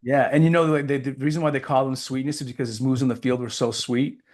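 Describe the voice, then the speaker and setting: A man's voice: medium pitch, fast talker. A man in his fifties from New Hampshire, a keynote speaker telling a story as an interview guest and acting out the dialogue. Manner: lively storyteller who acts out the dialogue.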